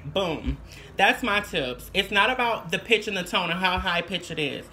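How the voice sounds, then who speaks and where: A woman's voice: fairly low pitch, lively intonation, normal speed, sharp tone, slight background noise. A trans woman vlogger giving casual voice-feminization tips in a chatty, sassy, playful way. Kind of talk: casual advice vlog.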